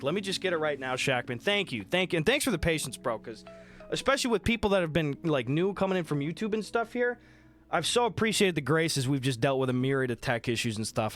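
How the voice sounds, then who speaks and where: A man's voice: on the high side, a bit bright. A man chatting casually on a live stream while sick, reading chat, thanking viewers by name and swearing freely.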